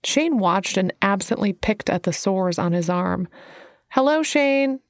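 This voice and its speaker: A woman's voice: fairly low pitch, steady tone, a little slow, dry recording. Woman narrating a story, dry close sound. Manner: reads every character herself. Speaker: audiobook narrator. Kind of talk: scripted narration.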